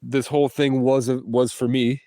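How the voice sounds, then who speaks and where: A man's voice: mid-range voice, level tone, normal speed, dark tone, no echo. Rambling man livestreaming from his car. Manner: rambling, profane, jumps between topics. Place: in and around a parked car, outdoors.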